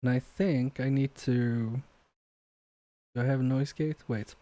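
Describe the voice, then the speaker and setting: Mellow man narrating a repair. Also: medium pitch, fairly even intonation, measured pace, no echo. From Poland. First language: Polish. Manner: muttering asides while working, self-deprecating. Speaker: repair streamer. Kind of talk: live repair commentary.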